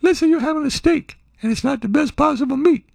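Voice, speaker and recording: A man putting on a high, slow-talking earnest lady adviser. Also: gravelly, a little mellow, dry recording, clean studio sound. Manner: slow, simple, drawn-out talk. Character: earnest older female extension-service home adviser.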